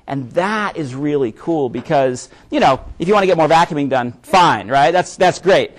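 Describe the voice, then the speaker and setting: Slightly high-voiced man presenting live. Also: animated, moderate pace, few pauses. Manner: conversational, frequent "right?" tag questions; repeats words when restarting.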